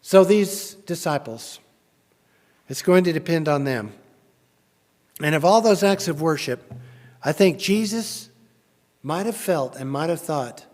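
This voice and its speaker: A man preaching a sermon in a church, chatty and questioning, rising loudly when he reads scripture. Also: fairly high pitch. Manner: conversational, asks the congregation questions. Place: church sanctuary. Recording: long church reverb.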